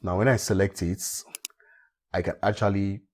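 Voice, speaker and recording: A man from Africa walking viewers step by step through a software tutorial, often repeating himself. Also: low voice, normal speed. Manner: steady step-by-step walkthrough, repeats phrases. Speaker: tech tutorial host. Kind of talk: screen-recorded software tutorial.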